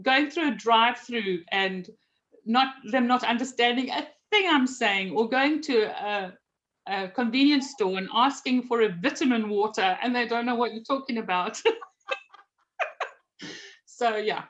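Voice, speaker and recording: South African woman guest, higher voice, chatty and self-mocking, dull lo-fi recording. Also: measured pace, a bit bright. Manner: chatty, self-deprecating, laughs while telling stories. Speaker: guest, magazine publisher. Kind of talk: casual interview storytelling.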